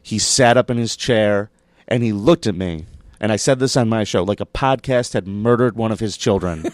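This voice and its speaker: A man telling a story as a comedian guest on a casual podcast, animated and swearing, acting out the quotes as he goes. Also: fairly low pitch, normal speed, no echo, clean studio sound.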